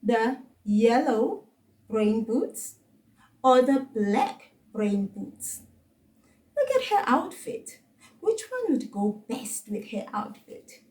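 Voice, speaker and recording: A woman with a South African accent teaching a children's language lesson, encouraging and patient, saying words slowly for kids to repeat. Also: fairly high pitch, sing-song, a little mellow, echoey room, distant mic.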